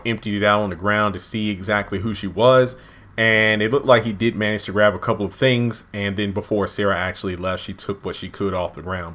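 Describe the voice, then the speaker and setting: A man casually recapping a TV episode at home, lively and acting out characters' lines in high voices. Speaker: TV show reviewer. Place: home, indoors.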